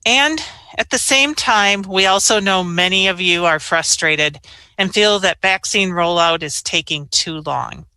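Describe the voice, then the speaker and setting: Bright-voiced woman giving official briefing. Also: lowish voice, smooth, no echo. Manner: measured, explanatory. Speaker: state health official. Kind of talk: prepared briefing remarks.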